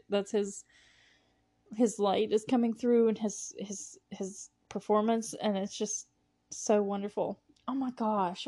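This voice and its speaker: A woman's voice: medium pitch, mellow. A young woman hosting a podcast, chatting casually and gushing about a movie, rambling with frequent laughs. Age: young adult. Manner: gushing, rambling, laughs often, many "like" fillers. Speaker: podcast host.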